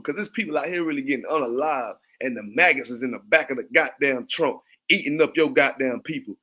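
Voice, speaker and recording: A man's voice: mid-range voice, a bit bright. A man, teaching a religious class in a blunt, profane preaching style, often asking if the listener understands. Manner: blunt, repetitive, keeps asking "you understand me".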